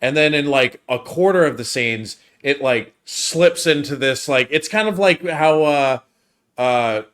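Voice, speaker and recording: A man's voice: on the high side, a little slow, a bit bright, clear, resonant tone. A man hosting a casual movie review chat, rambling and often restarting his sentences. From United States.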